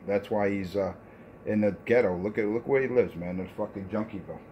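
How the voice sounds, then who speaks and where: A man's voice: lowish voice, fairly quick, highs cut off, very noisy. A man trash-talking over the radio, taunting and repeating himself, with plenty of profanity. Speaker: CB radio talker.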